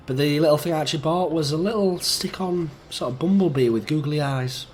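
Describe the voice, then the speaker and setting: A young man, croaky and under the weather, chatting in a rambling, easygoing way while playing a game. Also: a little high, fairly quick, a little mellow, slight background noise. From England. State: croaky, sick voice. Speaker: gaming YouTuber. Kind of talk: rambling let's-play commentary.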